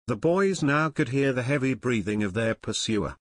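Man narrating an audiobook with lively pitch. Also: moderate pace, no echo, clean studio sound. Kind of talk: scripted narration.

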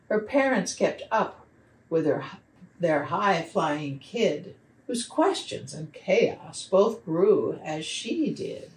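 Woman reading aloud to kids, expressive, lively pitch, slow pace, echoey, distant mic. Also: slight background noise. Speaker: children's program facilitator. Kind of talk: reading poems and a picture book aloud. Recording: roomy sound from a distant mic.

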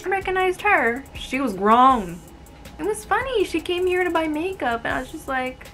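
Soft music plays behind a very animated American woman in her twenties as she recounts retail job stories at a moderate pace. Her high voice has a fairly bright tone, and she sounds casual, exasperated, and sarcastic.

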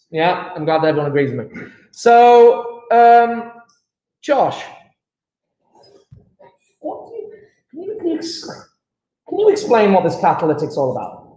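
A man's voice: fairly high pitch, big pitch swings, fast, dark tone, roomy sound, low-quality recording. A man teaching a chemistry class online, chatty and teasing with his students.

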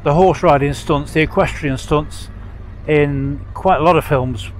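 A man's voice: a little high, unhurried, low-quality recording. A middle-aged English man telling stories while riding a motorcycle, rambling along with many fillers and restarts. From England. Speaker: motorcycle vlogger. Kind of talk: casual ride narration. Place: outdoors riding a motorcycle sidecar on country roads. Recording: road and engine noise behind.

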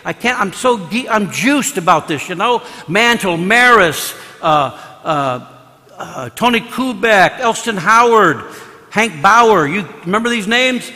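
An older man from Kansas City preaches in a high, bright voice, spinning homey stories as a priest leading a parish mission. He keeps it chatty and loose, sprinkling in "you know" between lines. His words hang in the long reverberation of a large church. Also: lively intonation, slow pace. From Kansas City, USA. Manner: conversational, folksy, peppers talk with "you know". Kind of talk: storytelling sermon.

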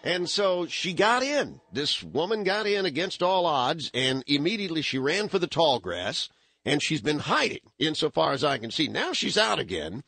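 Man, talk radio host, husky voice, lively swings in pitch, dry studio sound. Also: no room sound. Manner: animated, rambling, frequent restarts and fillers. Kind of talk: conservative talk radio commentary.

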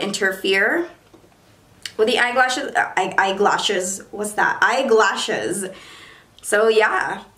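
A young woman chatting casually in a beauty haul vlog, bubbly and excitable, often apologizing to her viewers. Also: medium pitch. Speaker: beauty vlogger. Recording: roomy echo.

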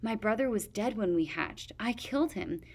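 A woman voicing a young female dragon who speaks shakily and turns shrill when upset. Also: expressive, normal speed, a little mellow. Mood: shaken.

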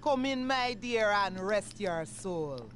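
Mystic older woman, game cutscene, singsong and lively in pitch, slow soothing delivery. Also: slight background noise. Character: older woman spirit-talker, calm and mystic. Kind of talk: video game cutscene acting.

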